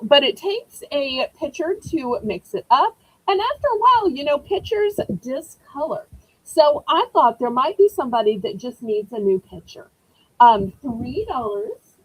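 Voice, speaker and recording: A woman's voice: high-pitched, a bit bright, no echo, low-quality recording. A woman with a Southern accent hosting a live-stream auction, chatting in a folksy way and greeting viewers by name.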